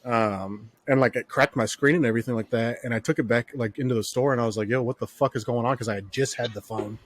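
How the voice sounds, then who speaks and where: A man's voice: mid-range voice, fast, no room sound. Male podcast host with a mid-range voice, rambling profane anecdotes, dead-dry booth. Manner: profane, storytelling, heavy filler words. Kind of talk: casual chat.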